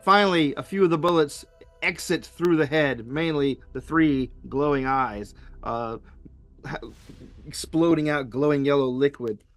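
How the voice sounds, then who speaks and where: A man narrating a tabletop game as game master, halting, with many fillers and restarts. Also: a little high, fairly bright tone, soft background music.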